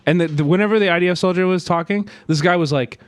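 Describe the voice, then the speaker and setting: A man on a live stream, his voice a little higher than most men's and dry and close to the mic. He talks casually with plenty of fillers, swears often, and gets worked up as he rambles on. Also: fast, no echo. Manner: agitated, profane, rambling with many fillers.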